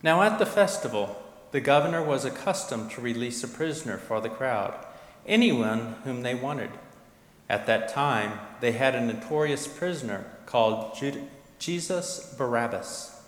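A man narrating a scripture passage in a measured, solemn liturgical reading. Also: medium pitch, animated. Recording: echoey hall, long reverb.

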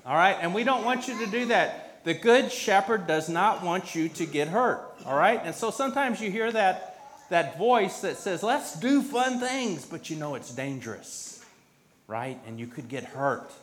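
Gentle man quizzing children in church. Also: fairly high pitch, animated, normal speed. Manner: patient, asks children simple questions. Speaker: pastor leading a children's message. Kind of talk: children's sermon.

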